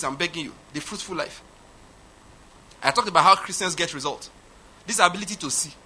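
A man's voice: on the high side, sharp tone, slightly rough. A man preaching an emphatic sermon, repeating his points. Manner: emphatic, repetitive, laughs at his own points. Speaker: pastor.

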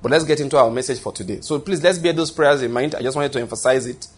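Husky man preaching. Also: medium pitch, fast. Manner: repetitive, emphatic, with frequent restarts and rhetorical questions. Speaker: pastor. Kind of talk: sermon.

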